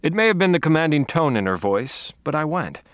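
A man narrating a novel in the first person with a wry, deadpan delivery. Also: fairly high pitch, fairly quick, no room sound. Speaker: audiobook narrator.

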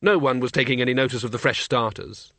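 A man reading a novel aloud in measured, dry scripted narration. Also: mid-range voice, bright, forceful tone, no room sound. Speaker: audiobook narrator.

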